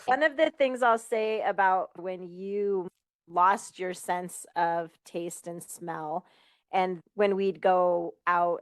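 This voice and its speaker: Slow-spoken middle-aged mother, podcast co-host. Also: on the low side, smooth, dry recording. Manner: calm, reflective, deliberate. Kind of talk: candid podcast conversation.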